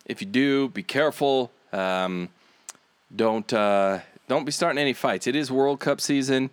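A man's voice: medium pitch, a little slow, clear, resonant tone, dry recording. A man hosting a podcast in casual chat, laid-back and rambling, swearing freely. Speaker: podcast host.

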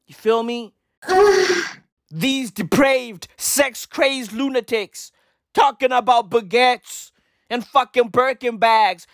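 A man rants on his podcast at an unhurried, deliberate pace, hammering the same lines again and again and swearing heavily. His voice sits in a middle register and sounds dry and close, with no room around it. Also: very high-pitched, fairly bright tone, no echo. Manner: emphatic, repetitive, heavy swearing. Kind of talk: profane ranting commentary.

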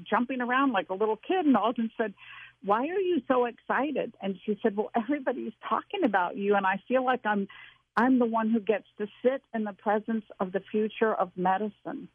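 Older woman guest, earnest and animated storyteller, tinny phone-line sound, dry. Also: on the high side, dry recording. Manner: animated, earnest, with frequent restarts. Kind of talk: casual storytelling interview.

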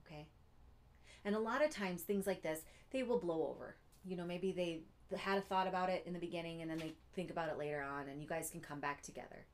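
A woman giving an earnest teaching talk, pausing often to check in with her listeners. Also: lowish voice. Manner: earnest, keeps checking in with "Okay?". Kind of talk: teaching monologue.

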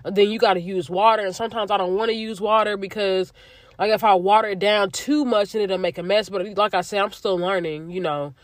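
A young adult podcast host in their twenties telling a story in a casual, profane and animated way. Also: mid-range voice, fairly quick, no echo. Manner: chatty, profane, animated retelling.

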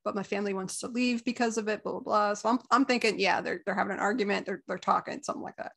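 Gravelly-voiced woman telling stories. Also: medium pitch, steady tone, quick pace, a bit bright. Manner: exasperated, wry storytelling. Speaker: podcast co-host, movie theater worker. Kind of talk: casual storytelling chat.

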